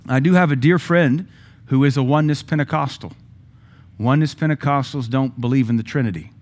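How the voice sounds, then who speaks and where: A man's voice: mid-range voice, fairly quick, a little mellow. A male pastor preaching a sermon in a church sanctuary, conversational and emphatic, with self-deprecating asides.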